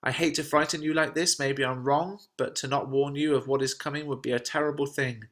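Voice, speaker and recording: A man's voice: medium pitch, steady tone, a little fast, fairly bright tone, natural voice. A man voicing a humble messenger bringing an urgent warning, in an earnest, slightly raised voice. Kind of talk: reading a play translation aloud.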